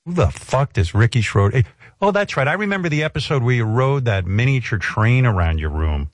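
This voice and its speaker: A man's voice: mid-range voice, sing-song, a little fast, dry recording. Man, comedian, sarcastic, profane, exasperated, dry close mic. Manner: exasperated, sarcastic, swears constantly. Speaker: comedian and show host. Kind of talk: profane comic rant.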